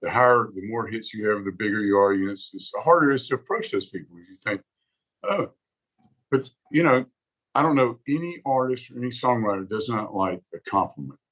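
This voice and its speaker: A man talks in a relaxed interview, his voice low and husky. He tells his stories with animated quoted reactions. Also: fast talker, low-quality recording. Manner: animated storyteller who acts out quoted reactions. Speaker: podcast guest, songwriter advocate. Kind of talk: casual interview conversation.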